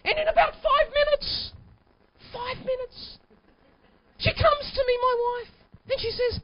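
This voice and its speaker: Keynote speaker, man in his 40s, emphatic and lively, very high voice, muffled lo-fi capture. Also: a little slow, pauses often, crowd noise. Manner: animated and emphatic, bursts into shouting. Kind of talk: storytelling keynote talk. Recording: dull lo-fi recording.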